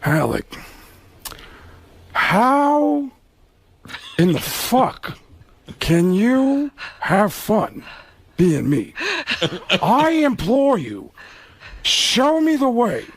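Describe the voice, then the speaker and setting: Guy doing a growly sarcastic old movie star, slow drawl, wild swings up and down. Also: very high-pitched, sing-song, slight background noise, pitched above the performer's own voice, exaggerated voice. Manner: slow, sarcastic, explosive outbursts. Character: weary, gruff older male movie star. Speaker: comedian doing an impression.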